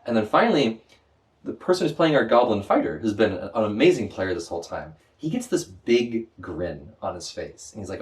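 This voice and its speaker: A man with a lowish voice appears as a podcast guest, recorded on a distant mic. He's a Dungeon Master recounting a game story with animated excitement, often stopping to restart his sentences.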